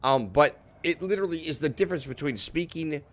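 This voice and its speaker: A man's voice: a little high, lively intonation, a little fast. Male game streamer, casual and rambling, laughs a lot, mild swearing, close studio mic. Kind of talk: casual live-stream chat. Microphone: diaphragm studio microphone.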